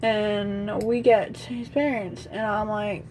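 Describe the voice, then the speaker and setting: A woman's voice: mid-range voice, little pitch movement, slow, a little mellow, soft background music, poor audio. A young woman vlogger telling a casual storytime, blunt and swearing freely as she acts out what everyone said.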